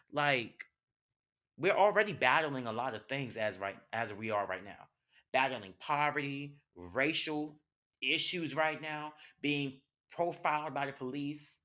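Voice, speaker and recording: A man's voice: mid-range voice, bright, forceful tone. A young man, hosting a podcast as a passionate, conversational monologue full of rhetorical questions. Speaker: podcast host. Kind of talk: personal monologue.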